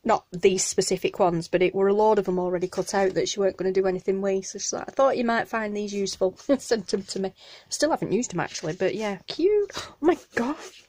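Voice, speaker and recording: A woman's voice: mid-range voice, fairly even intonation, quick pace, a little mellow. Chatty Northern English woman unboxing crafts. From Northern England. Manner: gushing, chatty, apologetic asides. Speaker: craft channel host. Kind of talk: casual unboxing vlog. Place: home craft room, indoors. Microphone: camera on a tripod.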